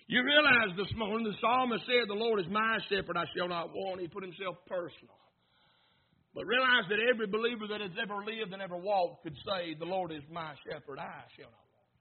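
Male preacher, husky high-pitched voice, fervent rhythmic delivery, tinny lo-fi recording. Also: fairly quick. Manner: fervent preaching, swings from near-whispers to shouts; rhythmic repetition, asks congregation to repeat. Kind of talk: sermon.

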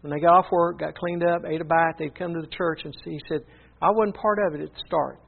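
A man's voice: on the high side, steady tone, brisk, vocal fry, slightly rough. A man preaching, earnestly retelling a story and repeating "he said" as he goes. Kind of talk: sermon storytelling. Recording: tinny phone-like sound.

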